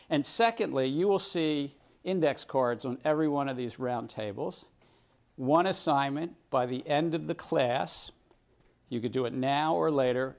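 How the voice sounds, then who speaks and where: A middle-aged man giving a university lecture, chatty and often putting questions to the students in a room with round tables. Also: medium pitch. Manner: conversational, questions the class often.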